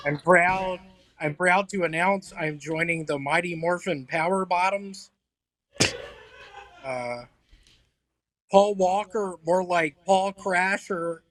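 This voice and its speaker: A man doing a stand-up set, delivering deadpan one-liners with hesitant fillers between jokes. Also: on the high side, dry recording, poor audio. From Memphis, Tennessee. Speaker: stand-up comedian.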